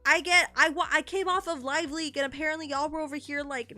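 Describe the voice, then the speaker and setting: Young woman streamer, high-ish bright voice, reads stuff out then goes what the f, cussing a lot. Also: a little fast, hardly any pauses, soft background music. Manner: shocked exclamations, frequent swearing; reads entries aloud in a lower, calmer tone. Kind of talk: live-stream reaction and reading aloud.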